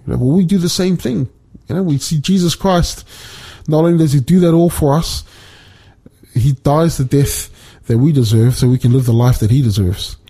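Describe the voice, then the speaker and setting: A man talking through a casual devotional reflection in a mellow, husky voice. He speaks haltingly, often restarting his sentences and filling the gaps with fillers. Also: a little high. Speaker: Bible study speaker.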